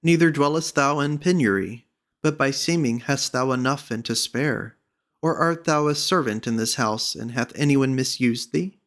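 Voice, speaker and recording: A man voicing a kind, bold young lord in a storybook reading, speaking gently and courteously. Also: medium pitch, moderate pace, natural voice. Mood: gentle concern.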